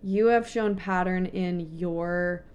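A woman's voice: lowish voice, slow, a little mellow, clear, resonant tone, lo-fi sound. Earnest young woman podcast co-host. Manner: earnest, encouraging, preachy at times. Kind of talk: casual faith podcast chat.

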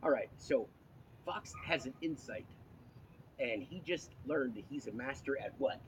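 A man's voice: medium pitch, measured pace, slight background noise, rough recording. A man chatting casually in a car, teasing his friend in a playful, mock-formal way. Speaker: podcast co-host. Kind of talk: casual chat.

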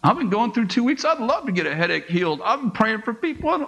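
A middle-aged man, a pastor, preaching a conversational sermon with quick asides, acted-out dialogue and laughs. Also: high-pitched, sing-song, vocal fry, sharp tone, low-quality recording.

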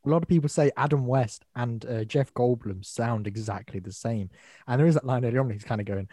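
A man's voice: mid-range voice, brisk, warm tone, slightly rough, no room sound, studio quality. A man co-hosting a podcast, chatting casually and laughing as he retells favourite lines. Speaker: podcast co-host. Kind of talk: casual chat.

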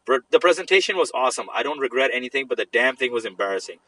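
Bright-voiced male podcast co-host. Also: mid-range voice, lively intonation, very fast, low-quality recording. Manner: laughs while reading, loses his place. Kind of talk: casual podcast chat, reading a listener story aloud.

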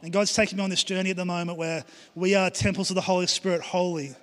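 A man's voice: high voice, level tone, fast talker, fairly bright tone. A middle-aged man preaching a sermon with emphatic, repeated phrases in a church. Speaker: pastor. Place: church hall. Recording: long hall reverb.

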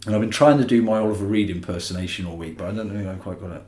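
A man's voice: fairly low pitch, very fast, darkish tone. A man co-hosting a podcast in casual chat, chatty and rambling, with plenty of restarts. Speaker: podcast co-host. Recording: roomy echo.

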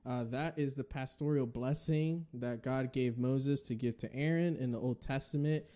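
Male podcast host from the Northeast, mellow tone, upbeat, faith-filled chat. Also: mid-range voice, steady tone, normal speed. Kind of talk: casual podcast interview.

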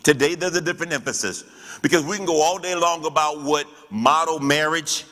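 A man's voice: on the high side, fairly even intonation, fairly quick, sharp tone, in a large hall. A man teaching as a pastor in church, preaching with rhetorical questions and call-and-response.

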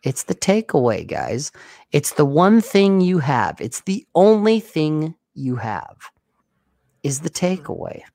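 A podcast co-host in casual chat, speaking forcefully in profane, emphatic one-liners. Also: mid-range voice, huge pitch swings, takes it slowly, creaky, no echo.

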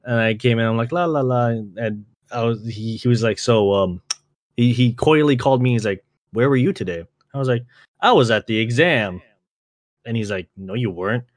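A young man from Canada hosting a podcast, telling stories in a casual chat, swearing often and acting out quotes in a higher voice. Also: moderate pace, no echo, studio quality. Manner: laid-back, swears a lot, acts out quotes with a jump in pitch. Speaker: podcast host.

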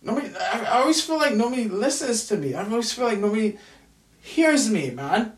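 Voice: mid-range voice, very animated, a little fast. An upset, exhausted adult venting at home in a bitter, profane, repetitive solo rant. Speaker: aspiring screenwriter venting. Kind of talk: emotional solo rant to camera. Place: at home indoors. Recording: roomy echo, distant from mic.

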